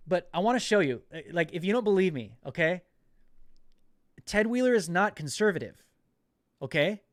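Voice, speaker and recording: A man's voice: on the high side, dry recording, studio quality. A man hosting a podcast, giving emphatic, conversational political commentary with frequent repetition. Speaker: podcast host.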